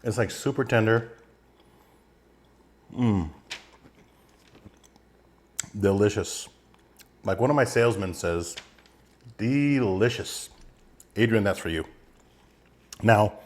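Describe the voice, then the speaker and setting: A middle-aged man hosting a casual barbecue cooking video, chatting relaxed while he handles and tastes the food. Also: on the low side. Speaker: barbecue channel host.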